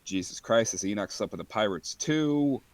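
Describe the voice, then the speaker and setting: A man playing in a tabletop game, rambling through plans out loud in a frustrated way. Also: fairly low pitch, animated, normal speed, slight background noise. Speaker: tabletop player.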